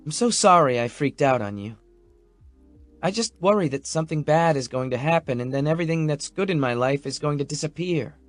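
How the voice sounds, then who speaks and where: A man voicing an anxious, emotional young pregnant woman in an audiobook, her voice soft and wobbly. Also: a little high, lively intonation, fairly quick, soft background music, voice pushed up, close to an everyday voice. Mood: tearful. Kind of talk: audiobook character voice.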